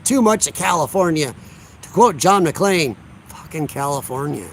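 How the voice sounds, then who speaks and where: A man's voice: high-pitched, lively intonation, measured pace, a little hiss or hum. Blunt sarcastic man livestreaming outdoors. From Illinois. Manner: blunt, combative, sarcastic, chuckles while reading comments. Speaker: livestream host reading chat. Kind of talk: casual livestream chat. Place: outdoors on a deck.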